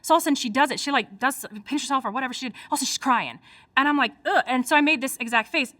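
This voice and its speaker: A middle-aged woman with a Michigan accent, an activist telling her story in a casual interview, animated and full of fillers. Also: high-pitched, very fast, dry recording. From United States. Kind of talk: casual spoken recollection.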